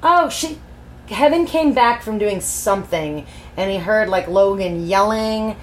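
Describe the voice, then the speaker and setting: A woman's voice: medium pitch, animated, unhurried, a little hiss or hum. A woman co-hosting a podcast, recapping a book in casual chat with a wry, laughing, sweary manner. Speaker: podcast co-host.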